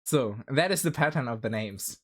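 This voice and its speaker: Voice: medium pitch, animated, moderate pace. A livestreamer chatting casually with viewers, rambling with many fillers and laughing often. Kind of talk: casual stream chat.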